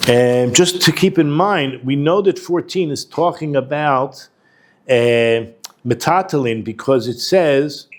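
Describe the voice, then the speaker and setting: Speaking slowly at a medium pitch, a male rabbi and educator teaches Torah conversationally, going through texts with Hebrew terms and quotations. His manner is informal, full of restarts and asides to the class.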